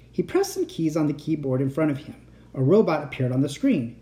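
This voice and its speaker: A woman reading a chapter book aloud in an expressive, dramatic storytelling manner. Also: deep voice, normal speed.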